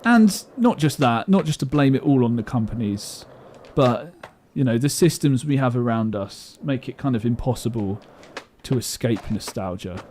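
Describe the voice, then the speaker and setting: A man's voice: mid-range voice, lively intonation, moderate pace, darkish tone, slight background noise. A man streaming a game and chatting casually, rambling and poking fun at himself. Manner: rambling, self-mocking, chatty. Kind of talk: casual live-stream chat while gaming.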